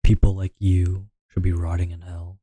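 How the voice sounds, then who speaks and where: Male streamer doing a deep brooding heartthrob, low and flat, dark tone. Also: normal speed, dry recording. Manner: low, exaggerated husky delivery.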